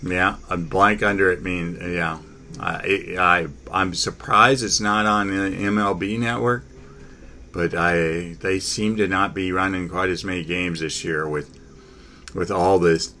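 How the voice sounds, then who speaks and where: A man hosting a casual sports talk chat, halting, with many fillers and restarts. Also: deep voice, steady tone, bright, forceful tone, slight background noise.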